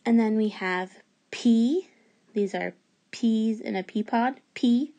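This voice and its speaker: Lady teacher doing a phonics lesson for little kids, slow and patient, kinda high voice. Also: dark tone. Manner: slow, patient, sounding out letters. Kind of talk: remote phonics lesson for young children.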